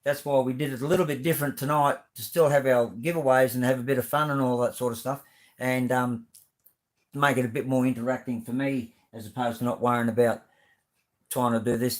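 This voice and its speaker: Reading viewer comments aloud on his live stream, an Australian man chats in a casual, rambling, friendly manner with lots of fillers and restarts. His voice is medium-pitched.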